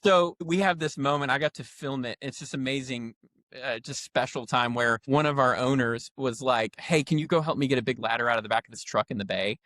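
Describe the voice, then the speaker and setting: A man telling a workplace story with lively retold quotes in a casual podcast conversation. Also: mid-range voice, a little fast, no room sound, clean studio sound. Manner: animated storyteller, acts out quotes. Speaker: podcast guest, roofing company leader.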